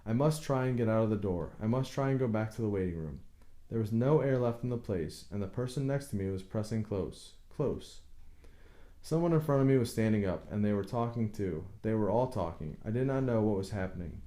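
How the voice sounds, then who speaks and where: Brief: male audiobook narrator, low and mellow, quiet, tense first-person reading. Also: expressive, brisk.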